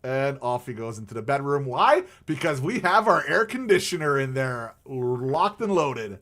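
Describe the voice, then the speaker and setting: A man's voice: mid-range voice, sing-song, moderate pace, a bit bright. A man hosting a live stream, chatting casually about hockey in a rambling way with many fillers and restarts.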